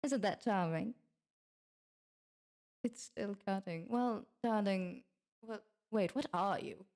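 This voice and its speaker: A woman's voice: mid-range voice, slow pace, a little mellow. A woman streamer chatting in character with viewers at her debut, theatrical and affectionate, calling them darling. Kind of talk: in-character livestream debut chat.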